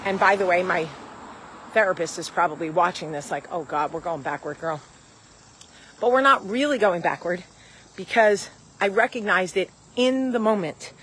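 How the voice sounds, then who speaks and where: A woman's voice: mid-range voice, normal speed, slight background noise, low-quality recording. A woman in her forties talking candidly to camera as host, telling a personal story and acting out the dialogue. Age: 40s. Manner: candid, animated storytelling, acts out quoted dialogue. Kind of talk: casual talk to camera.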